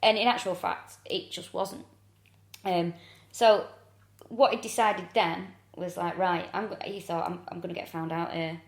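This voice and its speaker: A woman's voice: lowish voice, steady tone, unhurried, reverberant. A woman co-hosting a comedy podcast, recounting events with dry, sarcastic asides. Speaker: podcast co-host. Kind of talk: casual comedic chat.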